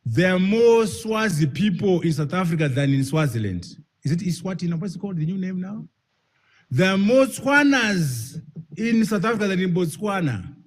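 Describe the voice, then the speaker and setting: This husky, high-sitting male voice belongs to a public forum speaker making a forceful address. He returns to key phrases again and again, draws out words for emphasis, and poses rhetorical questions to the crowd.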